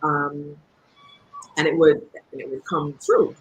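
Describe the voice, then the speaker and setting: A woman, a guest author telling lively, laughing anecdotes in a casual interview. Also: deep voice, takes it slowly, breathy edge, lo-fi sound.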